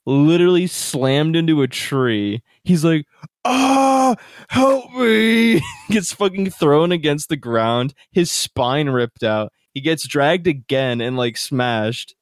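A chatty man of middle pitch who laughs his way through a horror movie recap, cursing with gleeful energy. His voice sits close and dry on a home computer microphone, with no room sound at all. He talks like a co-host riffing with a friend. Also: slow pace, few pauses, smooth, dry recording. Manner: excitable, laughs often, swears casually. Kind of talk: casual horror movie review chat.

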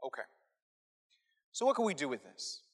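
A man's voice: on the high side, wildly swooping pitch, normal speed, breathy edge. A man giving an earnest, emphatic teaching on scripture as a Catholic preacher, often checking in with his listeners. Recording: echoey hall with long reverb.

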